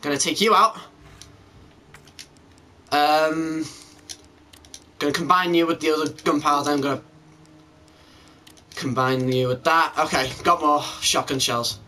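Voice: mid-range voice, fairly even intonation, measured pace, pauses often, sharp tone, distant mic. A gamer giving let's-play commentary during a horror game, talking to themself and to viewers and swearing when startled.

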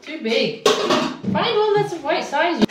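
A person cooking in the background, quietly giving short kitchen directions. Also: high-pitched, sing-song, slow. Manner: quiet, instructive asides. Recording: distant, echoey, loud noise.

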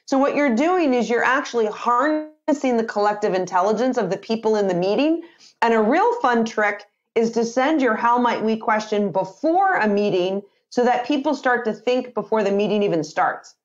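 A woman in her fifties, a communication author and sales trainer, talking energetically in a podcast interview and acting out phrases in lively voices. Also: fairly high pitch, moderate pace, highs cut off.

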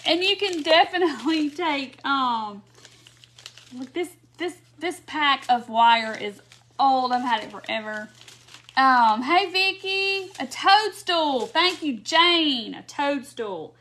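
A woman's voice: high voice, animated, slow pace, pushed and bright. A woman hosts a casual craft livestream, giggling often as she chats to viewers. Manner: giggly, laughing often while chatting to viewers. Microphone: phone or webcam on a live stream.

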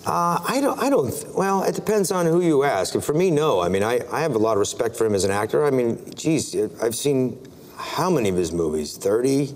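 A man's voice: mid-range voice, a little fast. A man in his forties, an actor telling stories as an interview guest, acting out dialogue with lots of fillers and restarts. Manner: animated, acts out dialogue with many "I'm like" quotes; filler-heavy, restarts often. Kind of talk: casual storytelling in an interview. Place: TV studio, seated at a table.

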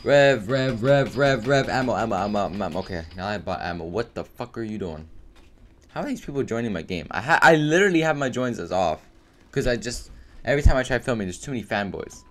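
A man giving live gameplay commentary for his video, excitable and full of profane trash talk. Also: mid-range voice, fast talker. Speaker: gaming video creator.

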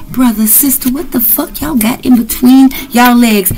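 A brash woman with gives a loose, profane tarot reading. Her voice sits fairly high, and her delivery is rowdy and playful. Faint music plays behind her. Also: measured pace, darkish tone, rough recording. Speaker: tarot reader.

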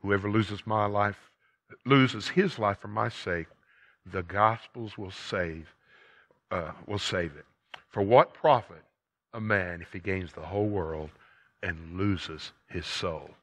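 An older man preaching a sermon as a pastor, folksy and emphatic, rising loud and dropping low. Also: slow pace.

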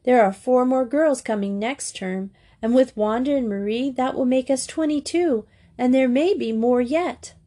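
A woman voicing a bold, excitable schoolgirl whose exclamations ring out high. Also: moderate pace, hardly any pauses, close to an everyday voice. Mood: excited.

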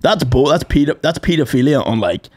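A man's voice: a little high, expressive, a little mellow, breathy edge. Easygoing man, laughing banter. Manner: easygoing, sweary, quick to laugh. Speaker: podcast co-host. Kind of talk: casual chat.

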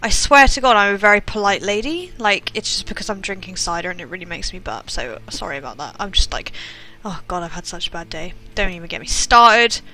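A woman's voice: medium pitch, animated, fairly quick, few pauses, sharp tone, poor audio. A young woman with a chatty, sweary manner, commenting casually on a game at home into a desk mic. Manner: chatty, sweary, rambling asides. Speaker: gameplay commentator. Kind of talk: casual let's-play commentary. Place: home room. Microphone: desk microphone.

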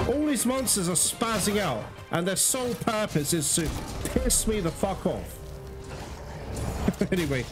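Exasperated gamer man, lively pitch. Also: a little slow. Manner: frustrated, swearing, exasperated. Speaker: gameplay commentator. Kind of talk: casual gameplay commentary. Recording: loud game music behind the voice.

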